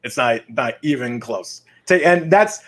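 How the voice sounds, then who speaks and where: A man co-hosting a casual pop-culture podcast, his voice in an ordinary middle pitch. He speaks emphatically and repeats phrases to drive his point home. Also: expressive, unhurried, a bit bright. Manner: emphatic, repeats himself for stress. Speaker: podcast co-host.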